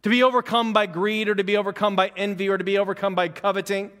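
A man delivering a sermon in a casual, conversational way, building fervor through repeated phrases. His voice sits high for a man. The sound carries a long reverb, like a large church sanctuary. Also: little pitch movement, quick pace, fairly bright tone, clear, resonant tone. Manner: conversational, fervent preaching with repetition. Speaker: pastor.

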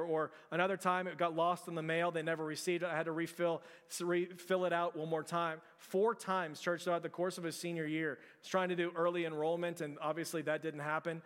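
A man's voice: a little high, little pitch movement, brisk, a bit bright, smooth, long reverb tail. A man in his forties from Texas, preaching a sermon as pastor in a conversational storytelling way, often restarting his sentences.

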